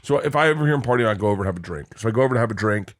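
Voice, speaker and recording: A man's voice: on the low side, lively intonation, rapid-fire. Swearing, rambling male podcast host. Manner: rambling storyteller, swears freely, laughs often. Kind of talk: casual chat.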